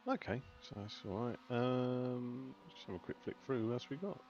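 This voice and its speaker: A man's voice: medium pitch, moderate pace, a little mellow. A man doing casual, chatty commentary on an online race, bantering with his co-hosts. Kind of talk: casual sim racing commentary. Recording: dull lo-fi stream audio with faint noise.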